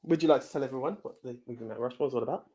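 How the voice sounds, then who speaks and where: A man's voice: medium pitch, very fast, dark tone, husky. A man co-hosting a casual movie podcast, easygoing and chatty, laughing along with his friend. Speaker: podcast co-host. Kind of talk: casual chat.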